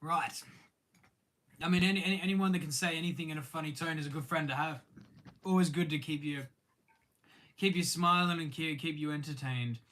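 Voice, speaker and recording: A young man with an Australian accent chatting casually on a live stream while eating lunch, halting often with ums and restarts and greeting viewers by name. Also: a little high, fairly even intonation, a bit bright.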